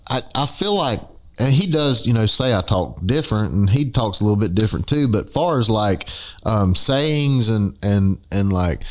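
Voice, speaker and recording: A middle-aged man with a Southern American accent co-hosting a podcast, easygoing and laughing along in casual chat. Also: lowish voice. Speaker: podcast co-host.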